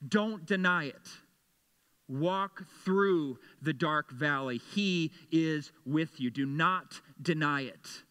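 A man, the pastor, preaching a sermon in church. He talks earnestly, repeats words when pressing a point, and drops to a soft, low voice when he comforts. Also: slow, clean tone. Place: church sanctuary.

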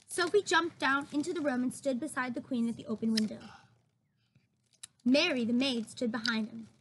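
A woman teacher reads a children's book aloud to her students, expressive and breaking off for chatty asides. Her voice sits high. Faint ambient noise hums behind her. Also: moderate pace. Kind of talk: read-aloud storytelling for students.

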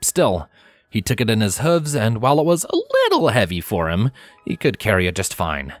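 A man narrating a story with expressive storytelling. His voice is fairly low and lively in pitch, recorded dry and close, with faint music under it. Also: moderate pace, dry recording. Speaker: fanfiction reader. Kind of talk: scripted narration.

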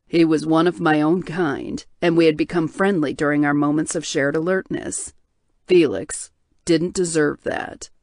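A woman voicing a wounded, drugged male bear shifter in an audiobook, speaking slowly with heavy guilt. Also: deep voice, steady tone, darkish tone, no echo, pitched below the performer's own voice. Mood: guilty. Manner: slow, heavy, guilt-laden. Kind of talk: audiobook character voice.

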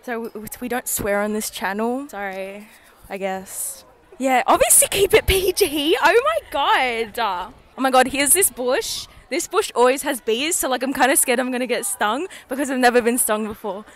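A woman's voice: on the high side, expressive, moderate pace, a bit bright. A teenage girl with an Australian accent, rambling and giggling as she vlogs her way around school grounds outdoors on a handheld phone. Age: teens. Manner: giggly, rambling, self-mocking. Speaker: student vlogger. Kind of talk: casual vlog.

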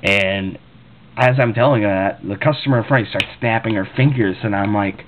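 A man's voice: on the low side, fairly quick, narrow, tinny audio, a little hiss or hum. A man, a cashier, casually telling a rambling story with profane, laughing asides.

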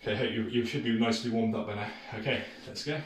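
A man's voice: medium pitch, fast talker. A British man leading a home workout, talking casually and encouragingly while slightly out of breath. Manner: casual, encouraging, loose phrasing. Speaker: fitness instructor. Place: room at home. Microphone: far camera mic. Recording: roomy, distant, noisy home video.

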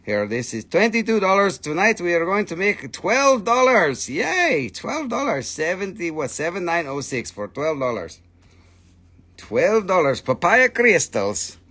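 A man hosting a live crystal sales stream in the shop, talking in a loose, excitable way and squealing with delight at each new price. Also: high voice, a little slow, husky. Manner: excitable, squeals "whee" at prices, non-native phrasing. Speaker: livestream crystal seller.

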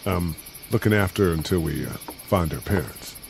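A guarded grown man in a video game, with a very deep voice that still rises and falls widely. He keeps his talk low-key and careful. Crickets are heard clearly behind the game audio. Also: lively intonation, brisk, noisy background. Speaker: stranger with an injured leg. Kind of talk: game voice acting.

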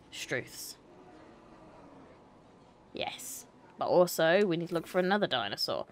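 A woman's voice: on the low side, slight background noise. A young woman streaming a game, chatting to herself and to the characters on screen. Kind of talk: casual gameplay commentary.

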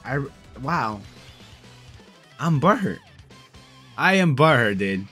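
Young dude ranting over his phone game, says bro a lot, mid pitched, faint music behind. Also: big pitch swings, slow pace, pushed and bright, breathy edge. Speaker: mobile game YouTuber. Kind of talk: casual gameplay commentary.

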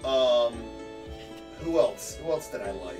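A man's voice: medium pitch, expressive, slow pace, darkish tone, distant mic. A man co-hosting a casual stream, blunt and opinionated, sometimes mimicking voices. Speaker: co-host. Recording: off-mic with hip hop music.

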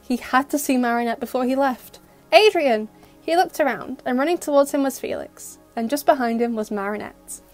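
A woman narrating an audio story in a steady, expressive reading voice. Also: a little high, fairly quick, hardly any pauses, faint music behind.

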